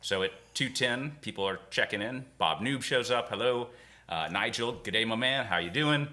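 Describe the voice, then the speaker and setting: A man's voice: mid-range voice, moderate pace, bright, forceful tone. A man co-hosting a casual live Q&A, reading viewer questions out of the chat with wry, teasing banter.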